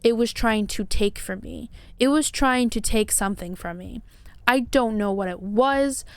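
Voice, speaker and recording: A woman's voice: on the high side, a little slow, no echo. A woman vlogger telling a personal paranormal story in an emotional, dramatic way, full of fillers and restarts.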